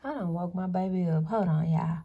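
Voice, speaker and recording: A woman's voice: on the low side, a little fast, gravelly, breathy edge, phone-quality sound. A woman, chatting casually and expressively to her viewers in a vlog. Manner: animated, chatty and expressive, talks straight to viewers. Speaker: vlogger. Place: in a car.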